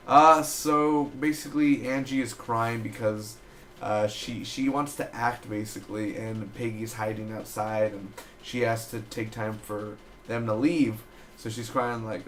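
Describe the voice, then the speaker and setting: A man giving a loose, chatty review of a TV episode, retelling scenes with quick quoted asides. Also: mid-range voice, a bit bright, reverberant, a little hiss or hum. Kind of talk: casual solo review.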